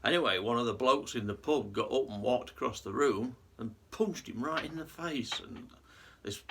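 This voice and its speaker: A man's voice: mid-range voice, normal speed, gravelly, a bit bright, husky. A man vlogging in a casual monologue, earnest and rambling with frequent restarts.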